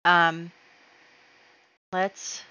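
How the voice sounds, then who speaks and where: A woman's voice: lowish voice, flat delivery, very slow, bright, forceful tone, smooth, dull audio. A woman hosting a let's play, chatting casually as she narrates her game moves with fillers and small laughs.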